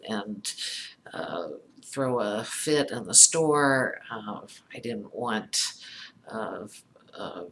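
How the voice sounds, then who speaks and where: A middle-aged woman speaking slowly and thoughtfully. She recounts a personal story and often pauses with fillers and restarts. A faint hum of room ambience sits behind her. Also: very deep voice, vocal fry. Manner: halting, many fillers and restarts. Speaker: psychologist talking about empathy.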